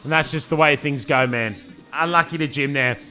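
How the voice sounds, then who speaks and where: Excitable Australian man commentating football. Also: a little high, moderate pace, soft background music. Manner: laid-back banter, says "man" a lot, excitable on attacks. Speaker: club owner commentating his team's match video. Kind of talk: casual play-by-play commentary.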